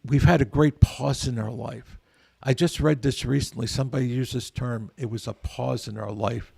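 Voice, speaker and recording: A man's voice: mid-range voice, steady tone, moderate pace, creaky, a little mellow, breathy edge, no echo. An older man, a veteran guest, telling stories in a rambling, earnest way with frequent restarts. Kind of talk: casual storytelling interview.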